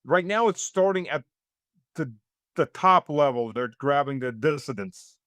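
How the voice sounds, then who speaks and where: A man's voice: a little high, animated, measured pace, a bit bright, dry recording. Sardonic middle-aged man, dry sound. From United States. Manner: sardonic, blunt, many hesitant "uh" fillers. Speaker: interview guest, military-political commentator. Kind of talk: unscripted interview commentary.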